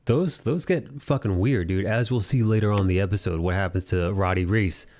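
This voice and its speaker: A young man hosting a casual anime discussion podcast, recapping scenes animatedly and jumping into quick character voices. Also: lowish voice, darkish tone. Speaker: podcast host.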